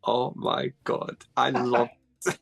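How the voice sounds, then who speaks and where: Gravelly husky host. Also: male voice, medium pitch, completely flat delivery, takes it slowly, faint music behind. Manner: chatty, repeats himself, non-native phrasing. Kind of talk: interview questions. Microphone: video call.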